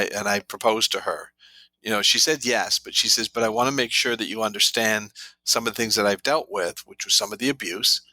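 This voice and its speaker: A man's voice: lowish voice, sharp tone, no room sound, poor audio. A man guest on an interview show, an author who tells anecdotes full of quoted dialogue. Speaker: guest, trauma therapy author. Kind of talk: storytelling interview talk.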